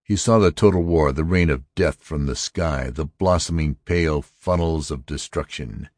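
Deep steady guy reading a story, dry close sound. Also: normal speed, no room sound. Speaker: audiobook narrator. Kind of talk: scripted narration.

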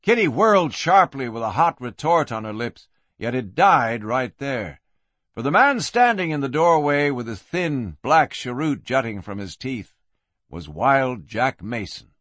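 A man reading a western story aloud in an expressive storytelling manner. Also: mid-range voice, measured pace, dry recording. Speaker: audiobook narrator. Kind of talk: scripted western narration.

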